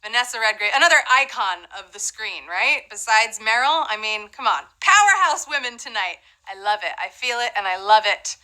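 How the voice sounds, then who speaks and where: A woman's voice: fairly high pitch, animated, normal speed, few pauses, bright, forceful tone, rough recording. A woman hosting a live trivia game show, chatty and playful, with asides to the players.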